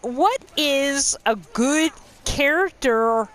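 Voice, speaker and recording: Animated woman musing over her gameplay. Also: high-pitched, slow pace, rough recording. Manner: musing, chatty, laughs often. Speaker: gaming channel host. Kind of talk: let's-play commentary.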